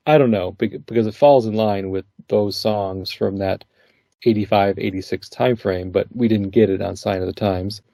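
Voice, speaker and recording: A man's voice: on the low side, normal speed, gravelly, no room sound. A man hosting a podcast, talking casually with a guest and laughing often. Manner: laughs often, relaxed conversational delivery. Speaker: podcast host.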